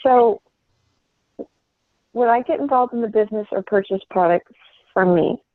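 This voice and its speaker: A woman's voice: mid-range voice, normal speed, dry recording. A middle-aged woman giving a sales coaching talk from home, earnest and rambling, often restarting her sentences. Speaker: sales trainer. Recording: tinny phone line.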